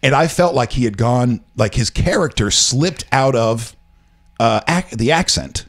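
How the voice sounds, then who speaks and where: A man co-hosting a casual chat show, an animated storyteller who acts out quotes and laughs often. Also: medium pitch, a little slow. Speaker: co-host.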